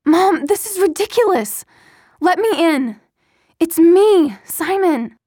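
A woman's voice: high-pitched, takes it slowly, darkish tone, breathy edge, no room sound, clean studio sound, exaggerated voice. A woman reading the lines of a desperate, anguished teenage boy vampire who pleads through a locked door in a storybook.

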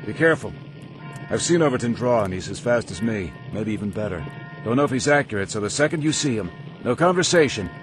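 A man's voice: on the low side, animated, fast talker, music in the background, close to an everyday voice. A man narrating an audiobook, voicing a hard-bitten male gunfighter who speaks bluntly and urgently. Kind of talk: audiobook character voice.

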